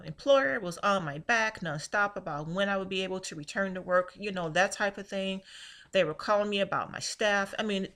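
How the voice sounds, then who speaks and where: A woman's voice: medium pitch, bright, forceful tone. A woman giving an earnest personal testimony as a patient, telling her story with emphasis and acting out past conversations in quotes.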